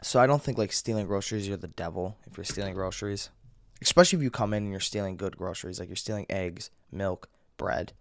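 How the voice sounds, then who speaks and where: A man's voice: low voice, quick pace, no echo. Profane young man telling a story. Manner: profane, animated, acts out yelling in quotes. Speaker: vlogger. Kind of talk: casual storytelling rant.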